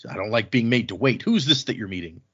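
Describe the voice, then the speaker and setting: A man's voice: fairly low pitch, lively intonation, quick pace, husky, muffled recording. A man voicing a corpulent, impatient older lord with a pompous manner.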